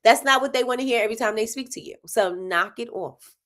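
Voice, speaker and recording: Animated, bright-voiced woman host. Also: fairly high pitch, fast. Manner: animated, laughs often, talks straight to viewers. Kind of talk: casual livestream chat.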